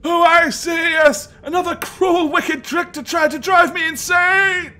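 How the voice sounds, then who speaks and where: A man voicing a tormented imprisoned male wizard who shouts frantically at intruders. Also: very high-pitched, steady tone, measured pace, pitched above the performer's own voice, exaggerated voice. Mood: frantic. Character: tormented male wizard locked behind a door.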